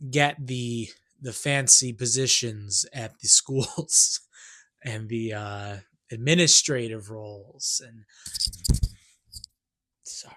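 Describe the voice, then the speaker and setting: Give me a man venting on his channel, rambling and restarting, bright edgy tone. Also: mid-range voice. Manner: rambling, self-interrupting, keeps asking "right?". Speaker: YouTuber and songwriter. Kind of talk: ranting monologue.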